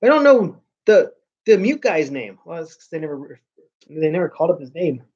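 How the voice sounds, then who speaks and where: A man's voice: a little high, sing-song, moderate pace, darkish tone, slightly rough. Rambling man chatting on a lo-fi stream. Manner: rambling, with frequent restarts and trailing off. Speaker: vlogger host. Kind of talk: casual livestream chat.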